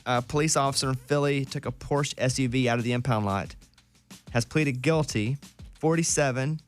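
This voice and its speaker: A man hosting a morning radio show, talking in a relaxed, conversational way with callers and co-hosts. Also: medium pitch, moderate pace, soft background music. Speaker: radio host.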